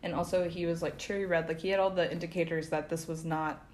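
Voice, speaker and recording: Chatty young woman, lowish voice. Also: steady tone, fast talker, darkish tone. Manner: chatty, many fillers like "um" and "like". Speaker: podcast co-host. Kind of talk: casual true-crime storytelling.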